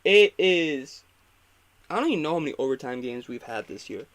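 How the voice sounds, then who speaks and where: A man's voice: mid-range voice, animated, brisk, a bit bright. A young man hosting a casual live football reaction, opinionated and rambling, getting fired up when he critiques the coaching. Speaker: sports talk host.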